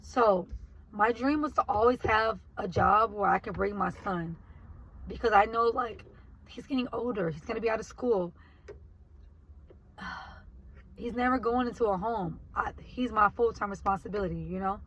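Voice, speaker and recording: A woman's voice: medium pitch, normal speed, long pauses, fairly bright tone, slight background noise, poor audio. A woman, telling her viewers about her basket business in a casual vlog. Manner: talks straight to viewers, emotional, says y'all. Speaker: vlogger and basket maker.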